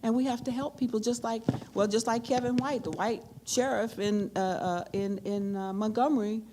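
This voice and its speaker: A woman's voice: on the high side, moderate pace, slight background noise. An older American woman answering a question at a conference, telling a story and acting out the quotes. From United States. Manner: animated, with acted-out quotes. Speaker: keynote speaker.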